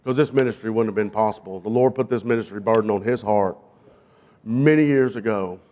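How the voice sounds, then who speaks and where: A man's voice: fairly low pitch, a little fast, dark tone. Folksy man telling a sermon testimony. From South Arkansas, US. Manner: folksy, self-deprecating, with frequent fillers. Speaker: guest speaker, jail minister. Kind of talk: sermon testimony with humorous storytelling. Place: church.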